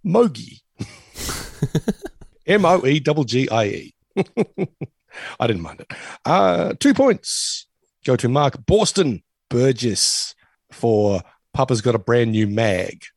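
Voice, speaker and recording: A man's voice: medium pitch, very animated, takes it slowly, creaky, pauses often, slightly rough, no echo, studio quality. A man co-hosting a podcast in casual chat, joking dryly and stumbling into restarts as he talks. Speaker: podcast co-host.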